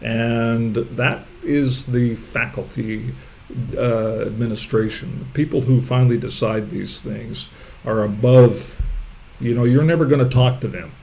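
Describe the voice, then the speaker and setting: A man's voice: medium pitch, fairly even intonation, measured pace, creaky, darkish tone, a little hiss or hum. Teasing male discussion moderator. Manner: teasing, steers the conversation. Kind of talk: casual panel discussion.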